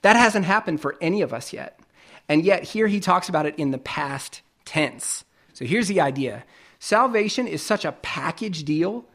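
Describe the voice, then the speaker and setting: A male pastor preaching a conversational sermon, illustrating his points with everyday examples and moving between emphatic and quiet delivery. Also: fairly high pitch.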